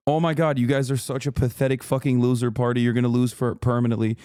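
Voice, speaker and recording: A man's voice: medium pitch, level tone, fast, dark tone, clean tone, no echo, studio quality. A man streaming live, reacting to the news in a profane, exasperated rant to his chat.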